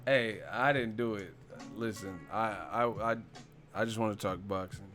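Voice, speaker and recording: A man's voice: lowish voice, steady tone, normal speed, a bit bright, faint music behind. A man hosting a live stream chat about boxing, talking in a loose, profane way and repeatedly cracking up laughing. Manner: profane, giggly, keeps breaking into laughter. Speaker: boxing channel host.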